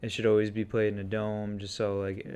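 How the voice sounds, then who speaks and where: A man's voice: on the low side, completely flat delivery, fast talker, a little mellow, clear, resonant tone. A man on a podcast, asking questions and teasing the others in casual football chat. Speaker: podcast co-host. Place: studio.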